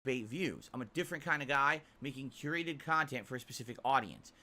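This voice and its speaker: A content creator, a man, speaking to his viewers in a polished, scripted, pitch-like way. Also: expressive, fairly quick, bright, forceful tone.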